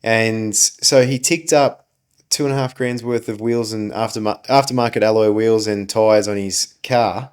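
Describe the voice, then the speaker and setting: A man's voice: fairly low pitch, fairly even intonation, normal speed, a little mellow, clear, resonant tone. A man, co-hosting a casual business podcast, ranting and swearing freely as he tells stories. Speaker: podcast co-host, business owner.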